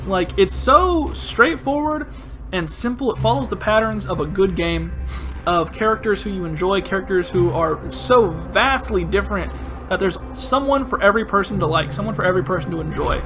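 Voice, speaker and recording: A young man doing gameplay commentary, excitable and self-mocking, yelling in bursts. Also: high-pitched, normal speed. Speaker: gaming channel host. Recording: music playing loudly underneath.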